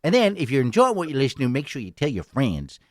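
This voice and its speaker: A man's voice: mid-range voice, huge pitch swings, fast talker, dry recording, clean studio sound. A man putting on a folksy, rambling old-timey Southern announcer who introduces the podcast with a drawl. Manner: drawling, hokey, rambling, addresses "boys and girls". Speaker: show introducer.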